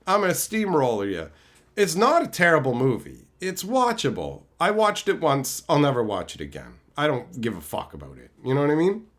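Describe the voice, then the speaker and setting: A man's voice: on the high side, huge pitch swings, brisk, hardly any pauses. A man from Canada chatting casually on a livestream, answering chat messages with sarcasm, swearing and bursts of exasperation. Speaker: streamer reading chat.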